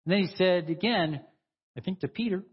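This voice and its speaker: A man's voice: high-pitched, fairly quick, slightly rough, highs cut off. A man preaching a conversational sermon, informal and chuckling, who breaks off and restarts his sentences as he goes. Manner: informal, self-interrupting, chuckling asides.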